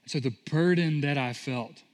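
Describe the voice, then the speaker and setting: A pastor in his thirties preaching a sermon in church, telling stories with lively acted-out voices. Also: on the high side, moderate pace. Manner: animated storytelling, acting out voices in quotes. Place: church sanctuary. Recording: long hall reverb.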